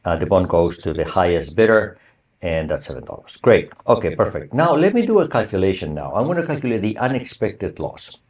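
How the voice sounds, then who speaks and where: A man's voice: low-pitched, very animated, brisk, a little mellow. A male university lecturer explaining material in a conversational way, often checking with the class whether they follow. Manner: conversational, asks the class for confirmation. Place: online or recorded lecture.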